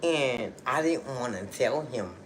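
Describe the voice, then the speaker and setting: A woman's voice: rumbling low, expressive, a little slow, heavy background noise. A woman telling a personal story to her livestream viewers in a chatty, emotional way, full of "you know" and "okay". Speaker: livestream host.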